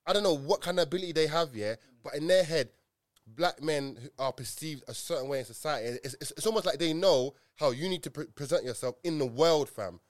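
A young man in casual chat, telling stories in an animated way and full of slang. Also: a little high, brisk, no room sound, clean studio sound.

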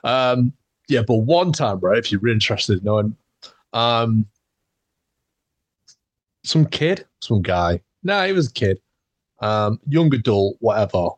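A man's voice: lowish voice, animated, takes it slowly, long pauses, no room sound. A young man, hosting a podcast and telling a rambling, sweary story with laughs. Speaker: podcast host. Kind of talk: casual storytelling chat.

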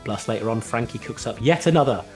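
A man's voice: mid-range voice, animated, a little mellow, faint music behind. A man from Wales hosting a football podcast, chatty and teasing with his co-host. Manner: chatty, teasing, quick to laugh. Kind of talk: casual podcast chat.

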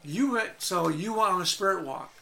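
A man's voice: sits high, moderate pace, gravelly, bright, forceful tone. A man narrating a tabletop game as game master, telling the scene vividly in the second person.

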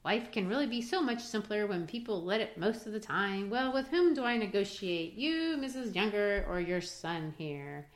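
A woman reading as a smooth condescending businessman. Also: medium pitch, animated, normal speed, few pauses, roomy sound, natural voice. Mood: mock-polite.

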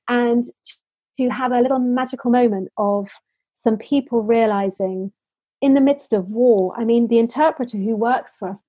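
A woman shares stories in an earnest, heartfelt way. Her voice sits fairly high, with a mellow, husky tone. The sound is dry and close. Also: dry recording, low-quality recording. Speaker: social entrepreneur guest. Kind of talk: interview storytelling.

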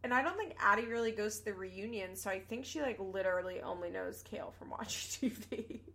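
A woman's voice: medium pitch, expressive, gravelly, fairly bright tone. Chatty sarcastic woman recapping TV. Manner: chatty, sarcastic, swears casually, quick asides. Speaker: podcast host recapping a reality show. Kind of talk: casual chat.

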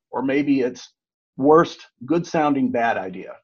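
A man's voice: medium pitch, moderate pace, darkish tone, breathy edge. A man on a podcast panel making an emphatic, persuasive case. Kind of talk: argumentative podcast pitch. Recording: muffled lo-fi mic.

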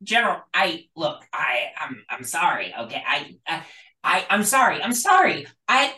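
A man playing a frantic wounded young soldier in a tabletop game, stammering over every word. His voice jumps high and strained, with a roomy, distant sound. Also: very animated, moderate pace, pushed and bright, full character voice. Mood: panicked. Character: injured young male soldier, panicky, apologetic.

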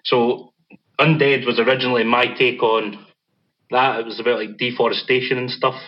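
A man's voice: mid-range voice, flat delivery, normal speed, lo-fi sound. A man with a Scottish accent, a band vocalist guest, talking in a laid-back, rambling way with many fillers. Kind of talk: casual interview chat.

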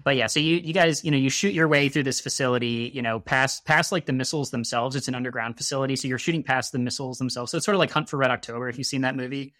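Man, mid-pitched voice, loose rambling storyteller heavy on fillers, close and dry sound. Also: rapid-fire, hardly any pauses, a bit bright, no room sound. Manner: laughs at his own jokes. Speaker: podcast guest. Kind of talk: casual chat.

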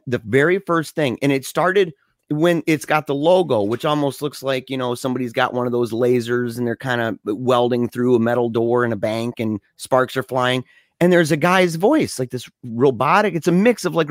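A man's voice: mid-range voice, moderate pace, no echo. Guy telling a story on a podcast, laughs a lot, slangy, dry close sound. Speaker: podcast co-host. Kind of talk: casual chat.

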